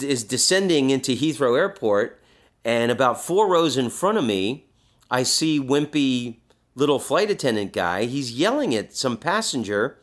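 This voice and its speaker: A man hosting a podcast, telling a story with crude jokes and reading passages aloud. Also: medium pitch. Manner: animated storyteller, crude jokes, acts out voices. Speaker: podcast host.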